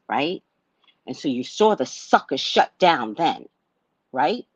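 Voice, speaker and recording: A woman's voice: extremely low pitch, dry recording, highs cut off. A woman telling a personal story in a casual monologue, blunt and swearing freely as she acts out a heated argument. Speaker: psychic reader sharing a personal story.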